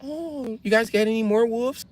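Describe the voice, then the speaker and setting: A man squealing as a gushing dog-crazy woman. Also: normal speed. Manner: high squealing falsetto, cooing. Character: gushing dog-loving adult woman, sweetly oblivious.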